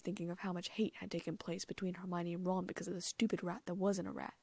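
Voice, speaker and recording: A woman narrates an audiobook in a hushed, often half-whispered reading. Her voice is husky and gravelly at the edges, recorded dry and close. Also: lowish voice, flat delivery, fast, few pauses, no echo. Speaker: audiobook reader. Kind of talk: reading first-person fan fiction.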